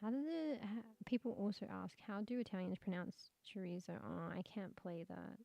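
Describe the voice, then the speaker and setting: Over quiet background music, a woman streams casually, saying chat and search results out loud, laughing a lot, and cursing without restraint. She says words repeatedly as she tests their pronunciation. Her medium-pitched voice is creaky, moves at normal speed, and the recording is dry.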